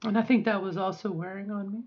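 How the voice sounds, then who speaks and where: A middle-aged woman recording a personal video diary at home. She speaks in a reflective, halting way with many fillers and restarts, and her voice sounds strained and sore. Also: medium pitch, steady tone, lo-fi sound. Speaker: vlogger.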